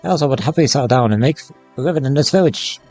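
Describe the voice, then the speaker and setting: Man reads a courteous seafaring pirate with a light Irish lilt, unhurried. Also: medium pitch, expressive, darkish tone, soft background music. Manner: old-fashioned courteous speech with a slight put-on lilt. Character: middle-aged male pirate guest, gruff and polite.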